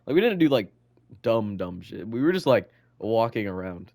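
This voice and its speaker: A man's voice: fairly low pitch, sing-song, normal speed, creaky, darkish tone. Rambling teenage boy telling school stories. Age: teens. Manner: rambling storytelling, full of "like" and swearing. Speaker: student podcast co-host. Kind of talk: casual chat.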